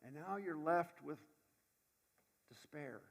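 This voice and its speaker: A male pastor preaching a sermon, dramatic, swinging from loud bursts to hushed lines and repeating words as he goes. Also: very high-pitched, lively intonation, normal speed. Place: church sanctuary. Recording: long church hall reverb.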